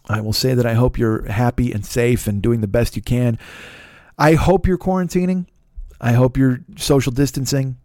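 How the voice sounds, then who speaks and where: A man's voice: fairly low pitch, a little mellow, no room sound, clean studio sound. A middle-aged man hosting a podcast, talking in a casual solo monologue that rambles, swears a lot and sounds exasperated. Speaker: podcast host.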